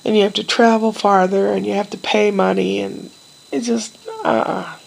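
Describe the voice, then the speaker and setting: A middle-aged woman vlogging casually, telling a rambling personal story in a meandering, wistful way with pauses and trailing sighs. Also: mid-range voice, level tone, creaky, rough recording.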